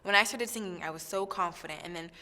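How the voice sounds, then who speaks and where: A young woman, a singing contestant, talking in a chatty, excitable way with lots of fillers in a backstage interview. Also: lowish voice, fast talker, in a large hall.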